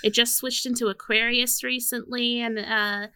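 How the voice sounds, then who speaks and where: Bright, crisp young woman podcaster. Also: fairly high pitch, moderate pace. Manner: relaxed, rambling with restarts. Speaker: podcast co-host. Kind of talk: casual chat.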